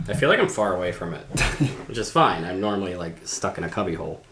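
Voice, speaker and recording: Wry joking co-host, man, lowish voice, echoey with music. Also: animated, fast talker, slight background noise. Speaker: podcast co-host. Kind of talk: casual chat. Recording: echoey room with loud music playing.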